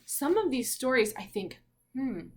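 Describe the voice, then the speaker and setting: A woman teacher reading a picture book aloud to children, gently explaining words and asking them questions. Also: high voice, sing-song, measured pace.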